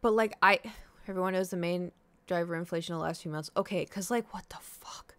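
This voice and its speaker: A woman in her thirties telling a story to her stream viewers in a casual chat, animated and full of swearing, acting out her own reactions. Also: lowish voice, brisk, smooth, dry recording. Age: 30s. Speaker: livestreamer.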